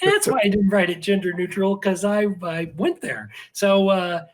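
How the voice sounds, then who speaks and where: A man's voice: high voice, big pitch swings, normal speed, low-quality recording. A man talking as a podcast guest in a casual, rambling chat with many restarts and fillers. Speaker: podcast guest, script writer.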